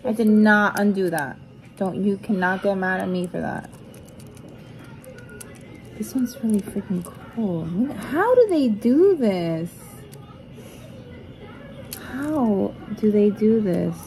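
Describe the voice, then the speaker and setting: A young woman casually showing off puzzle toys at home, excited and teasing, constantly saying how cool things are. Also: medium pitch, takes it slowly, pauses often. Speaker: vlogger. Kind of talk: casual unboxing chat. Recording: noisy home recording.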